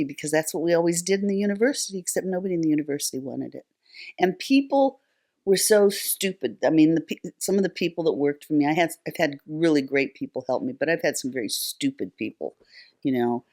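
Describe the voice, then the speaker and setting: A nonprofit founder, an older woman, chats on a talk show in a low-pitched, somewhat mellow voice. Her long stories come out conversationally, peppered with fillers and restarts.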